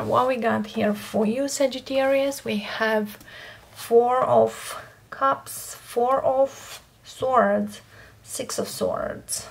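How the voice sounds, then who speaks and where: Woman, tarot reader, slow and steady, keeps asking "okay?". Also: a little high. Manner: unhurried, checks in with "okay?" and repeats "I feel here". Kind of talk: tarot card reading.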